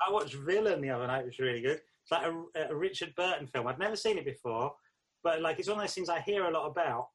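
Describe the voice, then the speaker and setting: Male co-host, husky and a touch high, relaxed and hedging, casual chat. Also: quick pace. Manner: relaxed, hedging, lots of fillers like "sort of". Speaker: podcast co-host.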